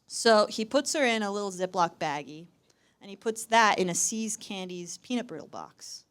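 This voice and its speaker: Young woman, mid-pitch, dry wit, live stand-up storytelling on a campus stage. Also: moderate pace, clear, resonant tone. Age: young adult. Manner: wry, self-deprecating, lively delivery. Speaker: student performer. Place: university performance stage.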